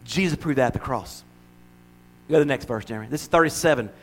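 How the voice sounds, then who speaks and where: A man preaching a sermon to his church, animated, acting out little voices and laughing as he goes. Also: medium pitch, fast talker. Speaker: pastor.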